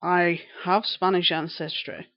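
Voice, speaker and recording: A woman's voice: fairly low pitch, fairly even intonation, measured pace. Woman, Yorkshire accent, rambling live-stream chat, knitting while talking, slightly muffled audio. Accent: Northern English, Yorkshire. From England. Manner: chatty, rambling, answering viewers' comments while knitting.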